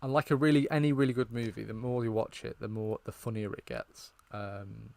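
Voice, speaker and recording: A British man co-hosting a podcast, chatting casually and retelling scenes with lively bursts. His voice is close and dry on the mic, at an ordinary pitch for a man. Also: a little fast, gravelly, no room sound. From Britain. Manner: animated storyteller, quotes film lines and laughs at them. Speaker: podcast co-host.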